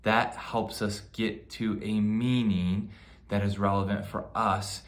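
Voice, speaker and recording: Thoughtful low-voiced man explaining scripture. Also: fairly even intonation, slow. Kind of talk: casual church video chat.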